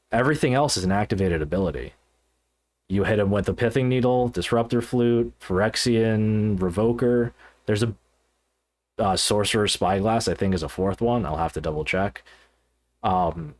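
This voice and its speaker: A man talks through his points on a casual podcast in a fairly low voice. He stumbles and restarts often and fills pauses with "um" and "uh" as he thinks aloud. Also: darkish tone. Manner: halting, with many fillers and restarts. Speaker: podcast co-host. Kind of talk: casual podcast chat about card games.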